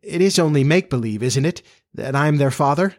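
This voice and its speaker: A man's voice: on the high side, animated, brisk, natural voice. A man voicing a puzzled, anxious young boy who speaks apologetically. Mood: uneasy. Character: boyish youth, puzzled and anxious.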